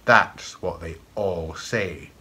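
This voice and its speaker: A man's voice: fairly low pitch, expressive, moderate pace, pushed and bright, slightly rough, heavily acted. A man with a Scottish accent voicing a sly, sinister old male wizard who runs a school of magic.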